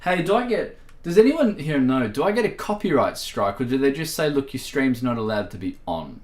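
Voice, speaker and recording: A man's voice: mid-range voice, big pitch swings, brisk. A man with an Irish accent chatting playfully on a music livestream, giggling and laughing often. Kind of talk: casual livestream chat. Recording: roomy echo.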